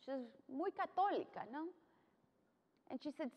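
A middle-aged woman with a high voice gives a personal speech. She opens a policy panel and tells a family story, now and then slipping into Spanish phrases. Her voice carries a long reverb from a large conference hall. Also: very animated, normal speed, long pauses, muffled recording. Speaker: congresswoman moderating a policy panel.

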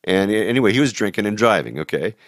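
A man with a deep, low voice tells travel stories as a show host. He talks casually, full of fillers and chuckling at his own anecdotes. The sound is close and dry, with no room echo. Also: lively intonation, fast.

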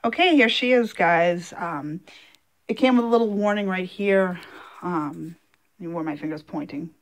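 A woman doing a casual unboxing vlog, speaking gently and haltingly with many fillers, emotional and holding back tears. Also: fairly low pitch. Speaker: doll collector vlogger.

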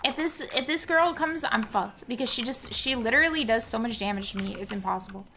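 A woman's voice: a little high, a little fast, pushed and bright, a little hiss or hum. A young woman streaming a game, venting and swearing in exasperated running commentary. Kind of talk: live gameplay commentary.

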